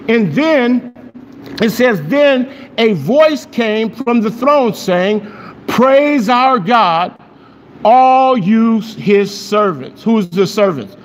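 A man preaching a sermon, excited and emphatic, often asking his listeners questions. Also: very high-pitched. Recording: long echo of a hall, faint noise.

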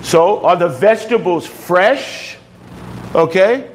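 The audio is poor, with slight background noise. A man whose voice sits high speaks slowly while teaching a language lesson, patiently explaining and checking in with frequent "okay?"s.

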